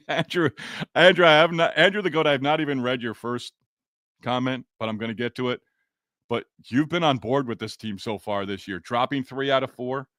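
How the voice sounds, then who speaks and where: A man's voice: mid-range voice, a bit bright, no echo, clean studio sound. A man hosting a sports podcast, reading listener comments in a frustrated, sarcastic, rambling way. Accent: Boston. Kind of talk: casual sports podcast talk.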